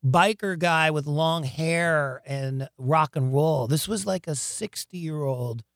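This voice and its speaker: Man, fairly high voice, excitable storyteller, laughs a lot, dry close sound. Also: slow pace, dry recording. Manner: animated, excitable storyteller who laughs often and acts out quotes. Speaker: guest, rock singer. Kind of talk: storytelling interview.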